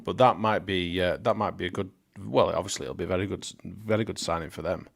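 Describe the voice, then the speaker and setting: A man talking football in a casual chat. His voice sits a little low. He is chatty and blunt. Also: steady tone, fast, vocal fry.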